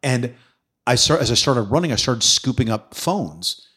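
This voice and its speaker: A middle-aged man, a former detective, tells a story in a casual podcast interview. He is animated, slips into the voices of the people he quotes and swears without a second thought. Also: medium pitch, normal speed, slightly rough. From New York City. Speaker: guest, former police detective and actor.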